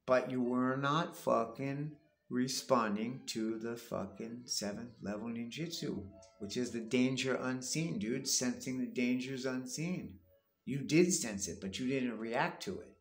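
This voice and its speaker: A man's voice: mid-range voice, a little slow, gravelly. A man telling a crude story in a rambling vlog rant, swearing constantly. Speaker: vlogger. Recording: echoey room.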